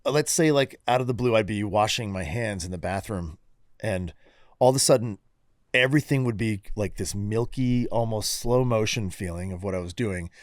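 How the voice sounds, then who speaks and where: With a lowish voice at a moderate pace, this forties-aged podcast co-host shares frank personal stories in a casual chat, cursing often. The recording is studio quality, free of room sound.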